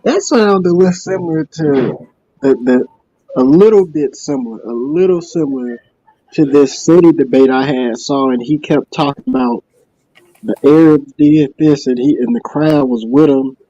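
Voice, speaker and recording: A man's voice: fairly high pitch, normal speed, warm tone, lo-fi sound. A man joining a discussion, hesitant and restarting his phrases.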